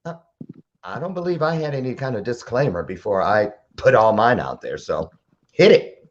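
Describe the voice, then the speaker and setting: A man's voice: mid-range voice, lively intonation, moderate pace, dull audio, slight background noise. A man hosting a casual podcast interview, playful and joking. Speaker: podcast host.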